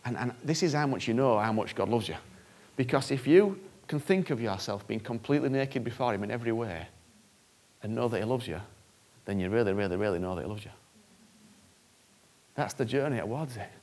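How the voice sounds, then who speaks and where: A man's voice: medium pitch, expressive, fairly quick, a little mellow. A male preacher giving an earnest, conversational sermon that often repeats phrases for emphasis.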